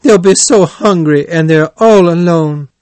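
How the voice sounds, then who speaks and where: A man's voice: medium pitch, big pitch swings, a little slow, husky, no room sound, pitched above the performer's own voice. A man voicing a vain, boastful male toad disguised as a maid, in a whiny, pleading, self-important voice for a storybook reading.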